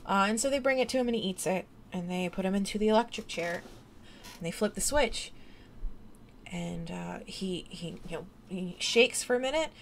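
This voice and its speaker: A tired woman rambles through late-night chat with lots of ums and likes and small giggles. Her voice sits at a middling pitch, with faint background noise. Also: moderate pace. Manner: rambling, giggly, many fillers. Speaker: streamer.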